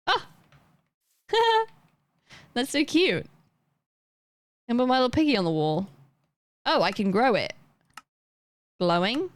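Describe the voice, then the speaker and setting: A woman's voice: medium pitch, no echo. A young woman livestreaming a game, chatting casually and rambling as she plays and talks to her chat.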